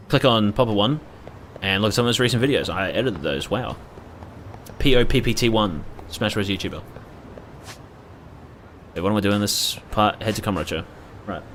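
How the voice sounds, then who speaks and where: A man's voice: on the low side, moderate pace, pauses often, fairly bright tone, a little hiss or hum. A young man chatting loosely as a gaming streamer, rambling and swearing freely. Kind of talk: casual live-stream commentary.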